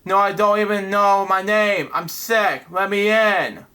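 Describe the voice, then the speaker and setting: A man reading the lines of a frightened stranger who has lost his memory and begs for help, in a plain, flat voice that stumbles now and then. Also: sits high, a little slow. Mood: pleading.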